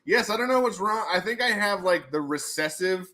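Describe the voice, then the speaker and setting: A man's voice: high-pitched, expressive, normal speed, sharp tone. A man hosting a casual livestream, rambling and joking and laughing often between his remarks. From United States. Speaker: livestream host.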